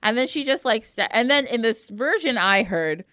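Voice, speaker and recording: A woman retells an old myth casually in a lively, swooping voice, dropping "like" constantly. She sits a little high in pitch for a woman, and the sound is dry and close. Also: normal speed, dry recording. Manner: animated, heavy use of "like". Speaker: podcast guest. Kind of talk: casual storytelling.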